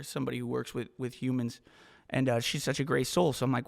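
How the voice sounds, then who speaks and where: A man's voice: mid-range voice, steady tone, brisk, gravelly, long reverb tail. A man hosting a fitness podcast, delivering a motivational monologue in an emphatic, profane way and often repeating himself. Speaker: podcast host.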